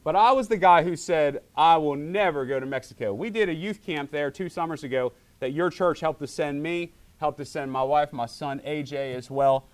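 A middle-aged man delivers a sermon from the pulpit. He speaks in a fairly high voice and stays animated, acting out what people say as he tells stories to his congregation. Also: moderate pace, hardly any pauses. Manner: animated, acts out voices in quotes. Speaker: pastor.

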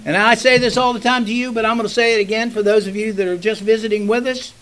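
A man's voice: sits high, fairly even intonation, fast talker, a bit bright, rough recording. An older man, a pastor preaching a sermon in a folksy storytelling manner that rises into fervent exhortation.

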